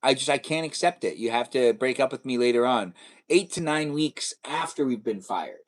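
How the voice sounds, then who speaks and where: A man's voice: mid-range voice, moderate pace. Playful man chatting on a live stream. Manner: playful, silly, teasing. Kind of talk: casual live stream chat reading comments.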